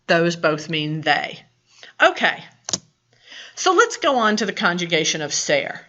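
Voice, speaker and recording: A woman's voice: lowish voice, very animated, unhurried, sharp tone, dull audio. A woman from the American South with a Southern accent, teaching a Spanish grammar lesson in a patient, step-by-step way. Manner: patient, explains step by step with reminders. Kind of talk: recorded lecture.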